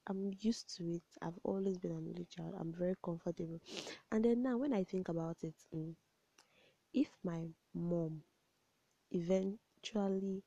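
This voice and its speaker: Chatty young woman with a gravelly voice. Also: fairly low pitch, no echo. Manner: chatty, rambling, laughs often, drops to soft asides. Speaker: vlogger. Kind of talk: casual storytelling to camera. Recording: dull, lo-fi home recording.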